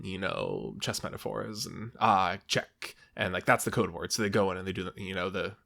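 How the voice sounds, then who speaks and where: A young man with a fairly low voice casually walks through a movie plot on a podcast. His talk rambles, full of fillers, and he acts out bits of dialogue. He sounds relaxed and chatty. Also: moderate pace, gravelly, hardly any pauses. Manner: rambling, filler-heavy recap with quoted voices. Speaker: podcast co-host. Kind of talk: casual movie recap chat.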